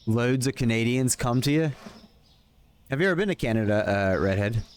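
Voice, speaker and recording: A man's voice: medium pitch, lively intonation, normal speed, clear, resonant tone. A man live-streaming a game, chatting casually with viewers and calling out in-game orders between questions to chat. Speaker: livestreamer.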